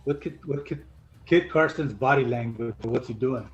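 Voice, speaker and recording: A man playing in a tabletop role-playing game, asking quick questions and repeating himself. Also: mid-range voice, dull audio, faint music behind. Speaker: player.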